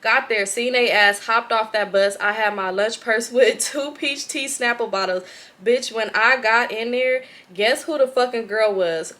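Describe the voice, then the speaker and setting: A young woman with a Southern Californian accent, a vlogger reading a viewer's story aloud with lots of profanity and animated reactions. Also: fairly high pitch, a little slow.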